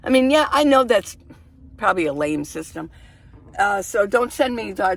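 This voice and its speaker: With a gravelly, mid-range voice and lively intonation, this middle-aged woman vlogger moves at a moderate pace while showing off her minivan's interior on a handheld camera. Her talk is casual, rambling, and full of laughter.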